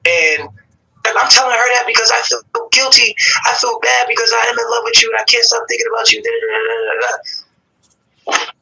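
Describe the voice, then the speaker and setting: A man's voice: very high voice, huge pitch swings, brisk, vocal fry, sharp tone, low-quality recording. A man hosting a live call-in show, telling a long personal story with lots of slang and swearing, acting out what each person said. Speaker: show host.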